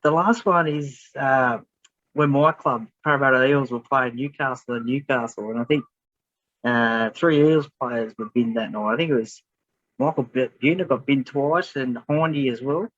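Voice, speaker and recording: A man hosting a podcast, asking rambling questions in a relaxed way. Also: mid-range voice, moderate pace, no room sound, lo-fi sound. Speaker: podcast host. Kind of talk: casual interview.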